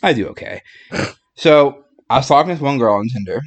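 A man's voice: mid-range voice, lively intonation, brisk. A giggly man hosting an in-person podcast, his voice swooping up and down as he talks. He keeps cracking himself up and laughing mid-sentence. It is loose, casual chat with a friend. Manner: giggly, breaks into laughing fits. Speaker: podcast host.

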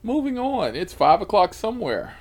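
A rideshare driver who hosts a channel tells stories to the camera about his driving, swearing freely, laughing, and slipping into whispered asides. His voice is high and a little mellow, with big pitch swings, at a normal speed.

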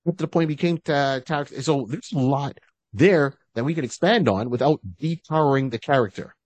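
A man's voice: on the high side, brisk, darkish tone, dry recording. A man co-hosting a podcast, chatting casually and at length, often restarting his sentences. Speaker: podcast co-host. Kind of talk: casual fan-casting chat.

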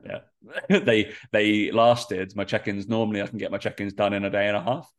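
A man's voice: lowish voice, level tone, a little fast. A man with a nasal, congested voice, a personal trainer chatting casually on a podcast in a rambling way full of fillers.

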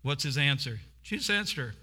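A man's voice: mid-range voice, very animated, fairly quick, bright, forceful tone. A man preaching a sermon, retelling a scripture story and acting out its people. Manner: storytelling, acts out the woman's voice. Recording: long hall reverb.

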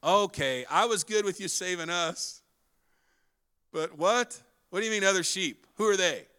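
A man preaching a sermon with an animated delivery, swinging between loud and soft and fast and slow, and acting out dialogue. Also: sits high, smooth. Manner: animated, wide swings in loudness and pace; acts out quoted dialogue. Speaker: pastor.

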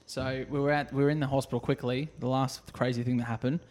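An Australian man co-hosting a podcast in loose, casual chat. He rambles through his stories and swears freely, at a medium pitch. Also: level tone, quick pace, a little mellow. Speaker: podcast co-host.

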